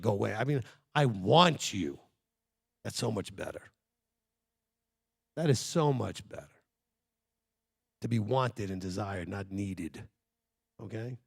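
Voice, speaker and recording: A man's voice: mid-range voice, creaky, no room sound, studio quality. A man leading a congregation as its rabbi, teaching in a conversational and emphatic way, speaking straight to the listeners.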